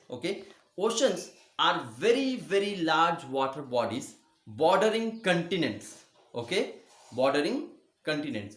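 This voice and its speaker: In an echoey room, a male teacher gives a geography lesson slowly, repeating words, spelling them out letter by letter, and checking "okay?" frequently. His voice is on the high side and a bit bright.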